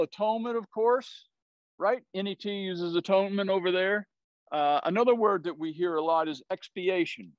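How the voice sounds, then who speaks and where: A man's voice: high voice, darkish tone, no room sound, dull audio. Southern man teaching a Bible study. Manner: explanatory, often checks with "right?".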